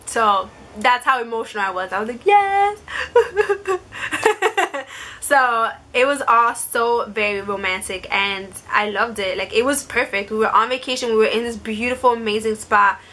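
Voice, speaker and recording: A young woman with a fairly high, fairly even, sharp-toned voice chats to camera while telling a story from her own life. Lots of "like" fillers run through it, along with quick asides quoting other people.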